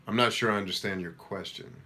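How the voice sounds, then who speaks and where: A middle-aged man with a low, deep voice runs a casual live coaching session, reading viewer comments aloud. He answers in a direct, energetic, motivational way. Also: fairly quick. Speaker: life coach hosting a live Q&A.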